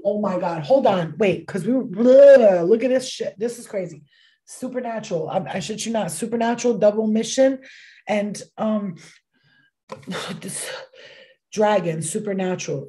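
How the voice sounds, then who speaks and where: A young woman doing a casual tarot reading, excitable and swearing freely, with bursts of exclamations. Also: mid-range voice, normal speed. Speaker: tarot reader.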